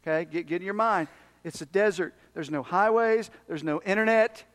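Preacher, man, fairly high voice, dramatic sermon delivery with sudden hushed asides and shifting pace. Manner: dramatic swings from loud emphasis to hushed, near-whispered asides; speeds up and slows down for emphasis. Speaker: pastor.

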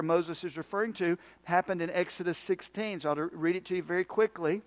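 High-voiced pastor preaching. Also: male voice. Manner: dramatic swings from loud emphasis to hushed, near-whispered asides; speeds up and slows down for emphasis. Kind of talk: sermon.

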